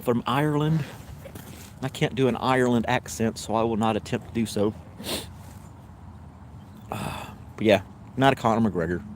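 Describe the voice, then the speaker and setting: Man, middle-aged, Southern American accent, live-stream host, casual rambling storyteller, fillers and restarts, medium pitch, faint background noise. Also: normal speed, long pauses. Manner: rambling storyteller with many fillers and self-corrections; laughs easily while telling stories.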